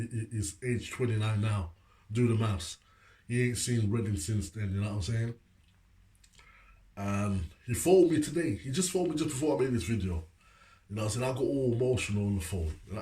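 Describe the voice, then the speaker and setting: A man's voice: lowish voice, dark tone, echoey room. A man talking earnestly to camera about a personal story, often asking "you know what I'm saying". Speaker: motivational video maker. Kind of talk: heartfelt personal talk to camera.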